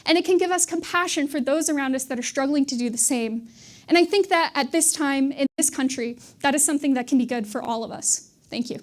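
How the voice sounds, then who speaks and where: A young woman gives a TED-style talk in a high, clear-pitched voice. She speaks in an earnest, reflective way. She sounds like a graduate student presenting her ideas to an audience. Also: brisk.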